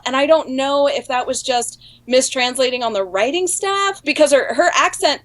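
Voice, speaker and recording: A woman co-hosting a podcast, chatting casually and ranting at length with strong opinions. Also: a little high. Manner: opinionated, talks in long run-on rants. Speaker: podcast co-host. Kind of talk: casual panel chat.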